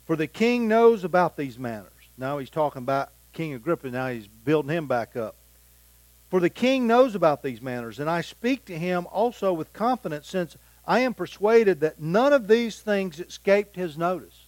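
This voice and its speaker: A man's voice: fairly high pitch, sing-song, normal speed, darkish tone, no room sound, poor audio. A man teaching a Bible passage verse by verse, reading scripture aloud and then explaining it in plain everyday words.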